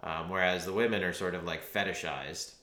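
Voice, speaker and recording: Casting note: somewhat low male co-host, easy laugh, musing, in an echoey room. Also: steady tone, a little fast, pushed and bright. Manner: laughs often, thoughtful commentary with many likes and ums. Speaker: podcast co-host. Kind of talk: casual chat reacting to song lyrics.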